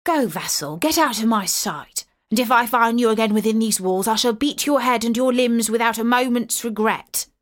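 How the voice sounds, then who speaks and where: A woman's voice: fairly high pitch, sing-song, moderate pace, a little mellow. Woman reading as a rude, threatening court usher.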